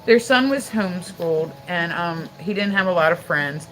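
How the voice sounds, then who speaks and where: Lady livestreamer rambling on, tons of "like" and "you know", lowish voice, little bit of background noise. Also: animated, normal speed, a bit bright, low-quality recording. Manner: rambling, filler-heavy storytelling with frequent "like". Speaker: livestream host. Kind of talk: casual livestream chat.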